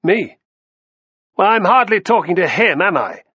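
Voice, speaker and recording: A man voicing a smug, condescending aristocratic Roman politician in an audiobook reading, with a raised, loud, drawling delivery. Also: sits high, sing-song, a little slow, slightly rough, no echo, lo-fi sound, voice pushed up, heavily acted. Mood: commanding.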